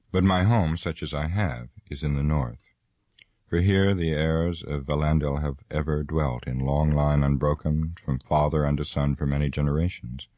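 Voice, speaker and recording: A man's voice: a bass voice, darkish tone, no room sound. A man voicing a solemn, weathered ranger speaking of his long hard life.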